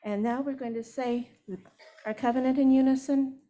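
A woman leading a church service, relaxed and informal as she cues the congregation. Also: high voice, moderate pace. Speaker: service leader.

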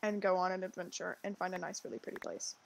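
A woman's voice: on the low side, level tone, quick pace, vocal fry, low-quality recording. Rambling chatty woman on voice chat. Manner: rambling, full of likes and ums. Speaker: co-player and friend of the streamer. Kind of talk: casual voice chat while gaming.

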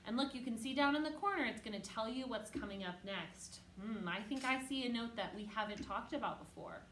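A woman's voice: a little high, a bit bright, slight background noise. A woman teaching an online music lesson to children, speaking patiently and encouragingly. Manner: patient, encouraging, speaks slowly and clearly to kids. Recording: roomy echo, faint music behind.

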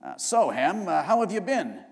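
A blunt, matter-of-fact agency boss, as an author reads him aloud, smoothing things over in a high, lively voice. The voice carries a long hall reverb from a live reading. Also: male voice, normal speed, heavily acted. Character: blunt middle-aged male agency boss.

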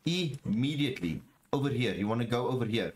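A man streaming a game live, talking to his chat and exclaiming over what he finds, with low murmurs that jump to excited shouts. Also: measured pace. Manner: excitable, repeats phrases, talks to chat. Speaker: gaming streamer. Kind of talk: live gameplay commentary.

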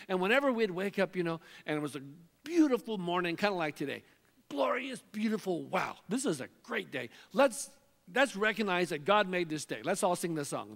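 High-voiced man preaching in a reverberant church. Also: animated, moderate pace. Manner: impassioned preaching, swinging from loud calls to hushed near-whispers. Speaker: pastor. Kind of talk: sermon. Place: church sanctuary. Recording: long hall reverb in a church sanctuary.

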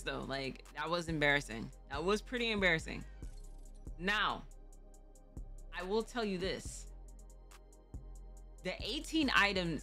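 A woman's voice: medium pitch, pushed and bright. Laughing, profane young woman storyteller. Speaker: streamer. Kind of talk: casual storytime chat.

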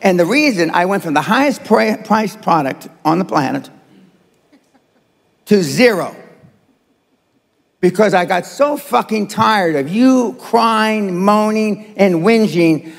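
A high-pitched, gravelly older man lectures a seminar crowd, blunt and profane, jabbing at the audience. His voice rings out in a reverberant live hall. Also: animated, slow pace, pauses often. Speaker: seminar speaker. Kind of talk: motivational seminar talk.

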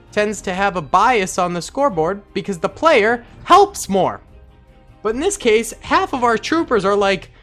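A young man giving excitable let's-play commentary, yelping and laughing often. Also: on the high side. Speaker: gaming YouTuber.

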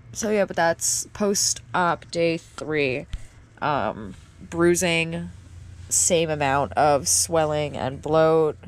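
A woman in her twenties talking casually to the camera at home in a wry, self-deprecating video diary. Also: sits low. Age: 20s. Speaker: vlogger. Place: at home, indoors.

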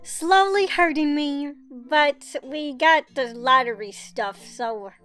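A woman giving casual commentary while pulling cards in a mobile game, talking in an excitable, pleading, dramatic way. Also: sits high, slow, soft background music.

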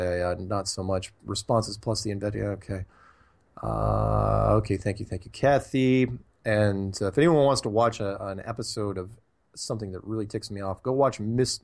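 A man's voice: lowish voice, creaky. A man hosting a show, reading listener emails and answering with rambling, chatty asides. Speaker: podcast host.

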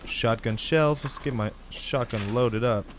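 Excitable man narrating his gameplay. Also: mid-range voice, unhurried, background noise. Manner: excitable, exclamatory, casual slang. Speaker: gaming channel host. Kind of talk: let's play commentary.

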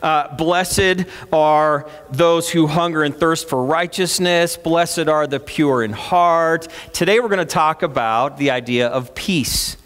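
A middle-aged male pastor preaches in a relaxed, conversational way, winding anecdotes into his points. His voice sits fairly high for a man. The sanctuary rings with a long reverb behind him. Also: slow pace, few pauses. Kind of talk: sermon. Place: church sanctuary. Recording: long reverb of a church hall.

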